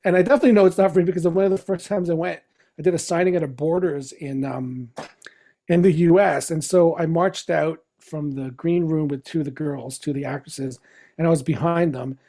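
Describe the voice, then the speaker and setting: A middle-aged man, a comic writer appearing as a podcast guest, telling lively anecdotes and laughing as he acts out what people said. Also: on the high side, a little fast. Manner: animated, laughing storyteller who acts out quotes. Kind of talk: casual anecdotal storytelling.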